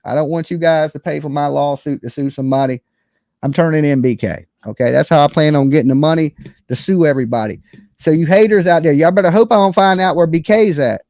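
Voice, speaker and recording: A man's voice: on the high side, darkish tone, no echo, clean studio sound. Profane joking man ranting to his audience. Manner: boastful, profane, jokey, keeps asking "you know what I'm saying". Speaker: online show host. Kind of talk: casual ranting monologue.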